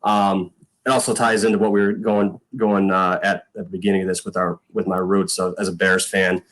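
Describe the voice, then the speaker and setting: A man's voice: low-pitched, flat delivery, brisk, a bit bright. A man in his thirties, a former punter guesting on a podcast, telling stories in a rambling way full of fillers and quoted lines. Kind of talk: casual storytelling chat.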